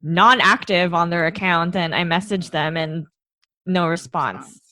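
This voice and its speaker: A woman's voice: lowish voice, a little slow, bright, forceful tone, no echo. A middle-aged woman, a podcast guest, talking in a rambling, giggly way and poking fun at herself. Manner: giggly, rambling, self-deprecating. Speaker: guest, small business owner. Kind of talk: casual interview chat.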